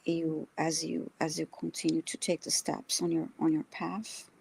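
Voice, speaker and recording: A woman co-hosting a live stream, giving psychic messages slowly and hesitantly, with many pauses. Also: low voice, monotone, vocal fry, darkish tone, husky, low-quality recording. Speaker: psychic reader, co-host. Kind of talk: live-stream spiritual reading.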